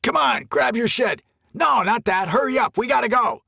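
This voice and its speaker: A man voicing a gruff, hostile male camper who yells and swears in an audiobook. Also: fairly high pitch, normal speed, no room sound, clean studio sound, pitched above the performer's own voice, close to an everyday voice. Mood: hostile, yelling. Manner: yelling, swearing, threatening. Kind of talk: audiobook character voice.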